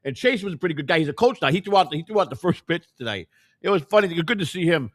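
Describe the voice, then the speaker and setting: An older American man chats quickly, his voice sitting a bit high for a man. He tells long rambling stories, circling back with restarts and acting out what others said. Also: sing-song, no room sound. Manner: rambling storyteller, many restarts. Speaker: co-host. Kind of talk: casual chat.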